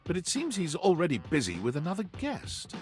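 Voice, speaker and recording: A man's voice: on the high side, huge pitch swings, a little fast, faint music behind. A man narrating a video game, describing scenes to the player in a scripted, storybook way.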